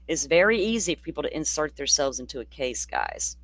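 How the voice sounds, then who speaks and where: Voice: medium pitch, lively intonation, brisk, hardly any pauses, fairly bright tone. Blunt, profane true crime host. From Florida, near the Alabama state line. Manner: chatty, loose, rambling. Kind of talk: casual livestream commentary.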